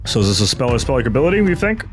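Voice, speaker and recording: A man's voice: medium pitch, big pitch swings, rapid-fire, over music. A man playing a tabletop game, dryly asking about the rules. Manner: dry, rules-focused questions. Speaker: player. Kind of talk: casual play at a tabletop game.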